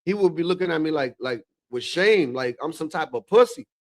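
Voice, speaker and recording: A man's voice: fairly high pitch, fairly quick. Slangy man hosting a livestream. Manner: slangy, keeps saying bro, animated asides. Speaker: livestream host. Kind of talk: casual stream commentary.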